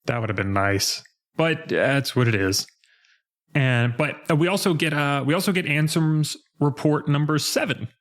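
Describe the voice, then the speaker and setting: A man's voice: on the high side, normal speed, a bit bright. A man co-hosting a podcast, talking about a video game in an easygoing way, hedging with lots of "like" and "kinda". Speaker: podcast co-host. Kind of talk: casual game discussion.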